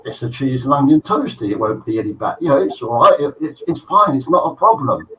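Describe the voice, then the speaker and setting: A man's voice: medium pitch, animated, brisk, fairly bright tone, slight background noise, natural voice. A man voicing a pub barman inside a joke, in his own plain voice, heard from a distant mic. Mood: reassuring. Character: worried male pub barman.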